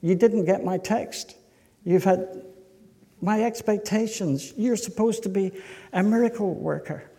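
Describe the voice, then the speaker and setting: A man preacher voicing an indignant, grieving woman who loudly accuses a friend of failing her. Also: high-pitched, unhurried, big-room sound, voice pushed up. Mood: accusing. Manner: exasperated, accusing, raised voice.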